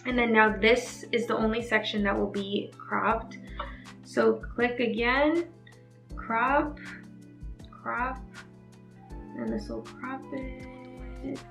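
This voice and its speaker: A woman's voice: fairly high pitch, fairly even intonation, slow pace, gravelly, pauses often, a bit bright, faint music behind. Young woman tutor, chatty and upbeat, talks through edits casually; echoey room sound. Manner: chatty, upbeat, uses "like" often. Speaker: video editing tutor. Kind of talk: casual screen-recorded tutorial.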